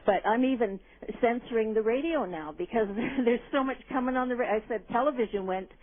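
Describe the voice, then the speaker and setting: Over a tinny phone line with a little hiss or hum, a woman calls in to a radio show, rambling indignantly and frequently agreeing with "absolutely." Her voice is slightly high and she speaks fairly quickly.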